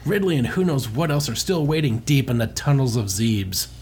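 A man reading the lines of a stern, armored female bounty hunter from a comic, flatly and without much acting. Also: mid-range voice, normal speed, breathy edge.

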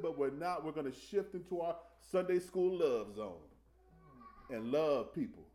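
A man preaching a Sunday school sermon in a conversational way, asking the room questions and slowing down to stress scripture. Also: fairly high pitch, expressive, mellow.

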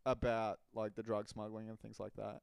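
A man's voice: fairly low pitch, monotone, moderate pace, vocal fry, clear, resonant tone, no echo. A young Australian man co-hosting a podcast, chatting casually and swearing as he explains things. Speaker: podcast co-host. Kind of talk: casual chat.

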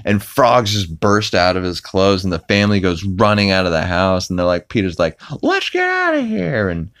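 A man's voice: sits low, steady tone, normal speed, fairly bright tone, clean tone, dry recording. A man hosting a podcast, recapping an episode in a casual, rambling way with many fillers and restarts. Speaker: podcast host.

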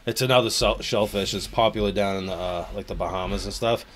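A man's voice: fairly low pitch, steady tone, quick pace, fairly bright tone, slight background noise. A man chatting casually on a podcast, laid-back and swearing freely while telling travel and food stories. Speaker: podcast co-host. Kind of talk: casual chat.

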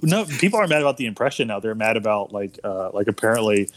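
A man's voice: lowish voice, fast. A man co-hosting a casual podcast, joking loosely and swearing. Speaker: podcast co-host.

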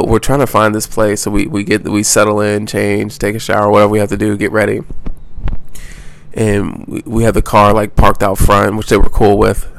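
A young man from the United States tells a travel story in a loose, rambling way, swearing freely and restarting his sentences. His voice sits low and flat, with a gravelly edge. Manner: rambling, profane, full of restarts. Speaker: travel vlogger. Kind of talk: casual storytelling.

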